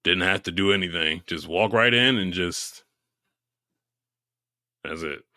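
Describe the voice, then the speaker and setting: Male co-host, relaxed and profane, bright tone, low-ish pitch. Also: a little slow, no room sound, clean studio sound. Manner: laid-back, swears freely, laughs often. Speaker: podcast co-host. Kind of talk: casual chat.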